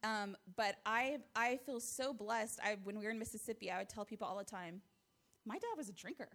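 A woman's voice: mid-range voice, steady tone, fairly quick, fairly bright tone. An American woman in her thirties giving an earnest, heartfelt testimony to a church congregation. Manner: earnest, heartfelt storytelling with light laughs.

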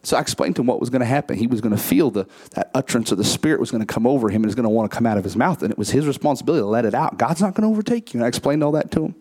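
A male preacher recounts a story from the pulpit in a mid-pitched voice. He drops low and quiet when quoting others, then climbs to high, emphatic peaks on key points. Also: lively intonation, racing, hardly any pauses. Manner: acts out quoted dialogue in a lower, quieter voice. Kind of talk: sermon storytelling.

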